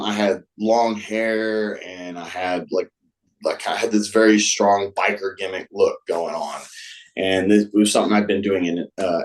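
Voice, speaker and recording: Low-voiced man telling stories. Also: rough recording. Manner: rambling, with many fillers and restarts. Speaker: guest. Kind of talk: casual storytelling.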